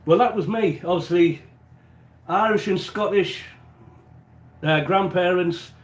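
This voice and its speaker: Slow and high-voiced, an English man from England hosts a casual cooking livestream, baking and answering viewers in a small home kitchen with an echoey sound. His nose is stuffy and he coughs occasionally.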